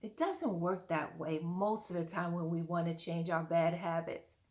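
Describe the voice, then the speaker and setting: A woman's voice: on the low side, moderate pace, darkish tone. Woman parent coach, earnest and coaching, speaks straight to the viewer. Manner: earnest, coaching, asks the listener questions. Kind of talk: direct-to-camera parenting advice.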